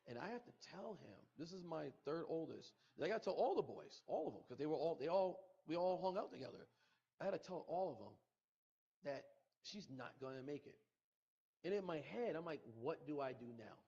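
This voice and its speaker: A middle-aged man guesting on a podcast retells a painful personal loss with emotion, repeating himself and quoting what people said. His voice is on the high side, expressive and brisk, warm yet gravelly and slightly rough, and the audio is muffled.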